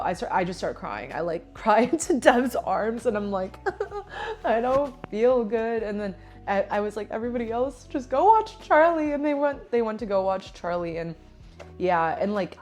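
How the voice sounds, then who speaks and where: A woman in her twenties telling a casual storytime, chatty, laughing often and saying "like" a lot. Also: medium pitch. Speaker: vlogger.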